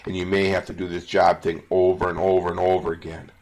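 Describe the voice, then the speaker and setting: A man's voice: low voice, flat delivery, fast, a little mellow. A middle-aged man giving an earnest, emotional self-help monologue, emphatic and repeatedly checking "okay?" and "all right?". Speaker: self-help podcast host.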